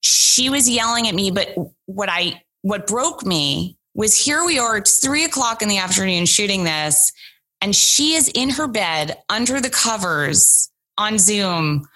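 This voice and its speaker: Bright-voiced woman podcast host. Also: medium pitch, poor audio. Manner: quick, laughing exclamations and animated storytelling. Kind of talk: casual chat.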